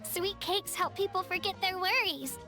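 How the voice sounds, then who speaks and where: Earnest young baker girl, very high, gentle, soft game music. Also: normal speed, heavily acted. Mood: sincere. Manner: gentle, sincere, hopeful. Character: sweet earnest young girl who bakes cakes.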